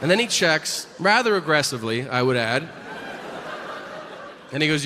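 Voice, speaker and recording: A man's voice: fairly high pitch, very animated, normal speed. A male stand-up comedian telling a story on stage, acting out quotes and laughing through his punchlines. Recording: live stage recording with loud ambient noise.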